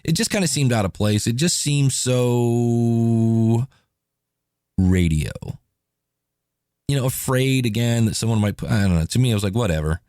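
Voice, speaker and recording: A man hosting a podcast, telling stories in a casual, animated way and acting out quotes. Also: on the low side, fairly quick, no echo, clean studio sound. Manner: animated, chatty, acts out quotes. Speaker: podcast host. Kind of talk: casual solo podcast storytelling.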